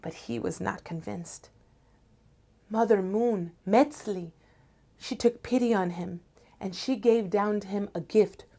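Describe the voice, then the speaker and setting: A woman telling a folktale aloud in an expressive, dramatic way, at times dropping to a hushed tone. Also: medium pitch, slow pace, creaky. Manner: expressive, dramatic, drops to soft hushed tones. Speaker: storyteller. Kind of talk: oral folktale storytelling.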